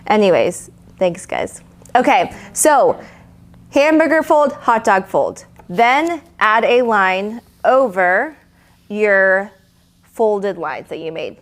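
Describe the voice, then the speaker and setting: A woman's voice: mid-range voice, lively intonation, takes it slowly. A woman leading a live lettering lesson, chatty and encouraging, with fillers and restarts. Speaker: art instructor.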